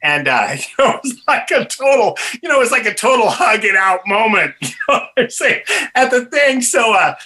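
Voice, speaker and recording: A man's voice: very high-pitched, moderate pace. An older man telling a funny personal story in a casual chat, laughing often and acting out what people said. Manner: animated, laughs often, acts out dialogue. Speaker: podcast guest, punk musician.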